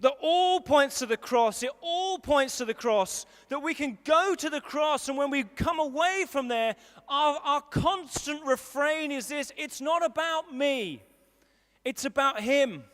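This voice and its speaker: A man with a very high, somewhat bright voice preaches a little slowly at a live service held in a large hall. His style is conversational, and he stresses ideas by repeating them.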